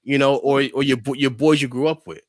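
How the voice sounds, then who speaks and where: A young man on a podcast, casually telling a lively story and acting out his friends' lines, with lots of filler words. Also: medium pitch, fairly quick, dry recording, clean studio sound. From New York. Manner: animated storyteller, acts out friends' voices, lots of "like". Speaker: podcast co-host.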